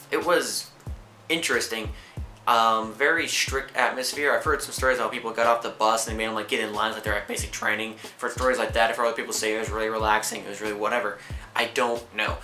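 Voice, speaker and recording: Young man, tired, rambling casual vlog, bright tone, echoey room, soft music behind. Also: mid-range voice. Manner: rambling, self-mocking, acts out quotes. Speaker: vlogger.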